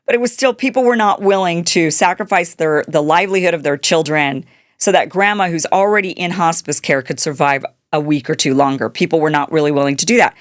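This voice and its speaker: Sarcastic woman host, low dry voice. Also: fairly quick, no room sound. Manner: sarcastic, mocking quoted voices. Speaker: show host. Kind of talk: political commentary monologue.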